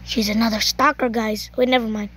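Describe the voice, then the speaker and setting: A woman giving casual, excitable gameplay commentary, shrieking and cursing at what happens in the game. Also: on the high side, brisk, a little hiss or hum. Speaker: gamer.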